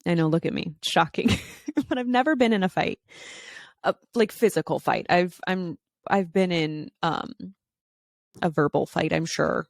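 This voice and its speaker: A woman in her thirties hosting a podcast, telling stories in a casual monologue and acting out the dialogue with quick voice shifts. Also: lowish voice, gravelly, no room sound, studio quality. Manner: chatty with frequent fillers and laughs. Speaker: podcast host.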